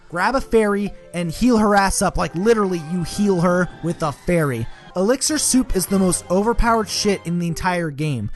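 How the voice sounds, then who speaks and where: Young man, high voice, sarcastic profane game recap, faint music behind. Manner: sarcastic, profane, full of filler words. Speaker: comedy game reviewer. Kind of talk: comedic game synopsis.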